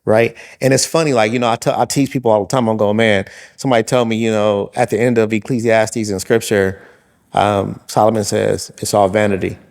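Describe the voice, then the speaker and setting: A man with a fairly low voice tells a long personal story on a podcast. He is in his forties and talks casually, stopping and restarting his sentences often and leaning on fillers as he goes. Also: steady tone, brisk, creaky, a little mellow. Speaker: podcast co-host. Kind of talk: casual chat.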